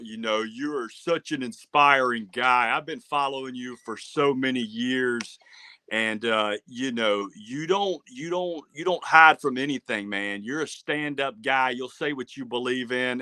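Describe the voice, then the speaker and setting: A male podcast host with a bright, forceful voice and a dry, close sound. He asks long, rambling questions and openly praises his guest. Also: mid-range voice, dry recording. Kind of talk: podcast interview.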